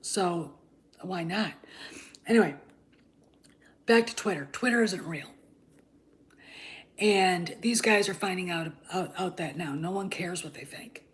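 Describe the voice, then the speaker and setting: Female channel host, lower register, blunt casual rant with lots of profanity. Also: measured pace, pauses often. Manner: blunt, heated, swears freely. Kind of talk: casual ranting commentary.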